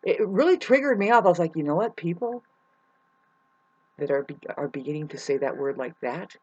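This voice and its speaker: A spiritual vlogger rambling through a monologue to camera, full of restarts and sudden loud mocking outbursts, swearing casually. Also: mid-range voice, expressive, a little fast, dry recording, muffled recording.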